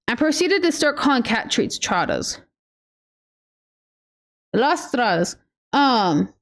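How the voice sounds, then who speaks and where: A woman with a high voice chats casually while she streams a game. She rambles through playful stories with plenty of fillers. She talks slowly, and her pitch swings widely. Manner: giggly and affectionate. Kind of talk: casual gameplay chat.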